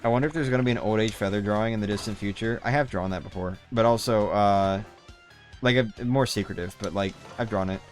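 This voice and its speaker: A man's voice: lowish voice, quick pace, soft background music. A young man in his twenties chatting casually on a game livestream, rambling, swearing often and restarting his sentences. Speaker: game streamer. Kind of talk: casual gaming livestream chat.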